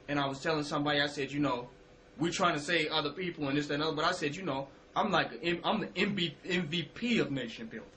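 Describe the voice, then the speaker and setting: A man speaks with a high, bright, cutting voice, delivering a motivational spiritual talk in loose street slang. He quotes his own words, repeats phrases for weight and drops from forceful lines into hushed ones. A faint hiss runs under the recording. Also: quick pace, poor audio. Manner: preacherly, quotes himself, repeats phrases, swings from loud to hushed; casual street slang, curses.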